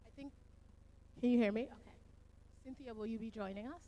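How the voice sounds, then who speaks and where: A woman moderates a panel at an expo, earnest and measured with frequent fillers. Her voice carries a long hall reverb, and faint noise sits underneath. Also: on the high side, dark tone. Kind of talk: opening a panel discussion.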